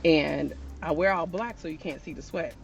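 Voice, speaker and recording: A woman's voice: deep voice, normal speed, creaky, a little hiss or hum. A woman telling a personal story in a chatty storytime style, talking straight to her viewers. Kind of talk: casual storytime.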